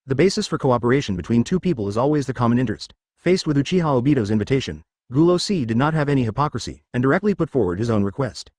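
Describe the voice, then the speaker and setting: A man narrating a fan story with a flat, synthetic-sounding read and odd slips. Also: medium pitch, very fast, hardly any pauses, no echo, studio quality.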